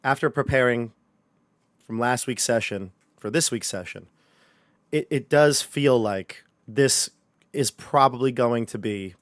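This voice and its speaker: A man's voice: mid-range voice, a little slow, no echo. A man running a livestreamed tabletop horror game, joking and chatty with his players. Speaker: game master.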